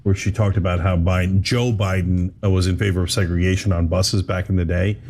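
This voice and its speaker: A man hosting a political talk show, mocking opponents with sarcastic, lively delivery. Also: deep voice, fairly quick. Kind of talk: political commentary.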